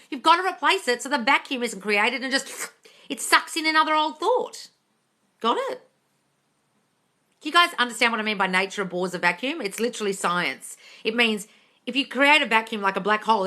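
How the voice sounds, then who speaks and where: A woman's voice: fairly high pitch, pushed and bright. A woman hosting a live question-and-answer stream as a coach, blunt and emphatic, swearing freely as she answers viewers. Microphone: phone or computer mic for a live stream.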